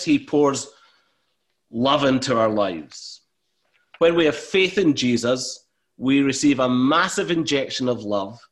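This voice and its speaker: Guy preaching a sermon, earnest, gets emphatic and loud in spots, middle pitch. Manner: earnest, rising to emphatic bursts when voicing God. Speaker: pastor.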